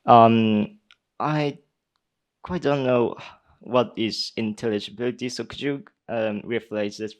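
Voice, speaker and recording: A young man, a speech contestant answering judges' questions in English off the cuff, pausing often with uh and um and restarting his sentences. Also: mid-range voice, steady tone. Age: young adult. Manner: hesitant, many uh and um fillers, restarts. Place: conference hall.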